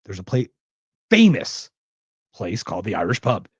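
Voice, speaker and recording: A man's voice: on the low side, huge pitch swings, moderate pace, husky, no room sound. A man hosting a podcast, ranting and joking in casual, profane chat. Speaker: podcast host.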